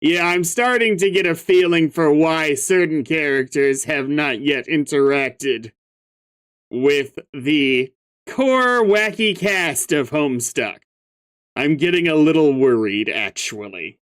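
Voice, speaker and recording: A man's voice: fairly high pitch, animated, slow, a bit bright. A man casually commenting while reading a comic aloud, chatty and a bit unsure. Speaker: comic reader.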